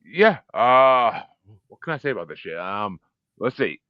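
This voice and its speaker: A man hosting a podcast in casual chat, telling stories in a profane, animated way and acting out his own reactions. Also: medium pitch, unhurried, clean tone, dry recording. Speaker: podcast host. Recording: dull, dry lo-fi sound.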